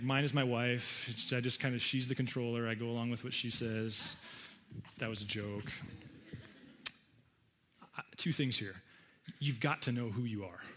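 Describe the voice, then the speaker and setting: A man's voice: mid-range voice, slightly rough. A middle-aged man preaching a sermon to a church audience, acting out quoted voices with lots of energy. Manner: animated, acts out quoted voices. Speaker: pastor.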